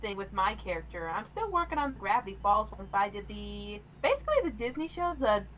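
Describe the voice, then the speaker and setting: A woman's voice: mid-range voice, sing-song, a little fast, fairly bright tone, poor audio. A woman talks casually with friends on a stream, her speech loose and meandering. A faint hum runs behind her voice.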